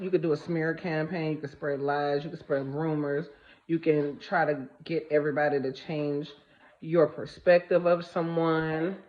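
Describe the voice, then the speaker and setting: A woman's voice: on the low side, a little hiss or hum. Blunt, emphatic woman vlogger, muffled audio. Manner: emphatic, repeats phrases for stress; blunt, swears freely. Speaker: spiritual vlogger. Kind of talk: casual spiritual vlog monologue.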